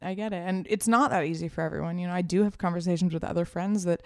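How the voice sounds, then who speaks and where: A woman's voice: on the low side, fairly even intonation, fast talker, darkish tone, dry recording, clean studio sound. A woman in a casual podcast chat, agreeing readily and talking in a chatty, open way.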